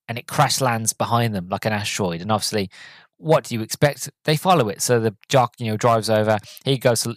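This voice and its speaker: A man's voice: lowish voice, dry recording. A man hosting a podcast, casually and enthusiastically recapping a film with lots of fillers. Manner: rambling, enthusiastic, many fillers. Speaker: podcast host. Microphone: podcast mic.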